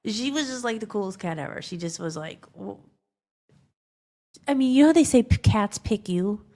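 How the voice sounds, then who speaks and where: Gravelly-voiced woman telling a personal story. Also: mid-range voice, animated, moderate pace, mellow. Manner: rambling, emotional, many fillers and restarts. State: tearful at times. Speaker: podcast host.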